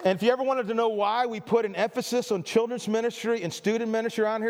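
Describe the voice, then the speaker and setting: A man's voice: extremely high pitch, fairly even intonation, quick pace, few pauses. A middle-aged male pastor preaching a sermon, earnest and emphatic, with stammered restarts and repeated phrases. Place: church hall. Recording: reverberant church hall.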